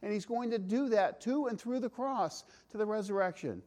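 High-voiced man preaching earnestly. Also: animated, normal speed, few pauses, a little mellow. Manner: earnest, emphatic, varies pace, rhetorical questions. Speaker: pastor. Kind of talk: sermon.

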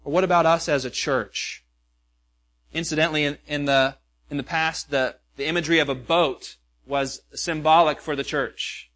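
A man's voice: fairly high pitch, steady tone, normal speed, fairly bright tone. A pastor preaching a sermon, earnest and questioning, with many rhetorical questions to his listeners.

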